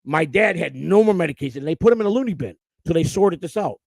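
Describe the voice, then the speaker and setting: A male host tells a story on his stream, blunt and profane, with plenty of swing in his delivery. His voice sits a little high and has a gravelly grain. It sounds close and dry. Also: animated, fast talker, dry recording, rough recording. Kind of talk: casual storytelling on a live stream.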